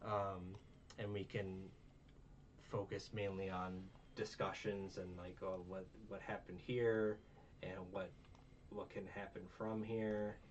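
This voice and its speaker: A man's voice: sits low, level tone, slow. A tired young man hosting a casual review chat, rambling with many fillers and self-mocking asides. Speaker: podcast host. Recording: distant, dull mic with faint noise.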